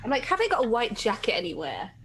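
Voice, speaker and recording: A woman player chatting casually on a headset mic before a tabletop roleplay. She is giggly and animated. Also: on the high side, quick pace, a little hiss or hum. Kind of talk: casual banter.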